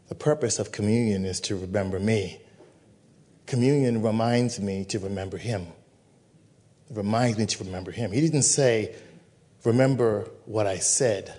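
A man's voice: lowish voice, moderate pace, darkish tone. A male pastor giving a communion sermon, repeating phrases with emphatic preaching cadence.

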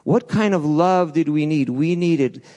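Guy preaching in church, gets loud then drops real quiet, stumbles n restarts. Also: a little high, measured pace. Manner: passionate, rises and falls, restarts, acts out quotes. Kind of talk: sermon.

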